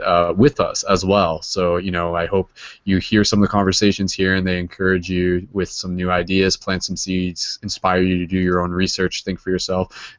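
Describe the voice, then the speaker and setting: Deep-voiced man hosting a web hangout. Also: no room sound. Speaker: host. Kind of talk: casual online hangout hosting, then guided meditation. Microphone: video call. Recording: dull dry web call audio.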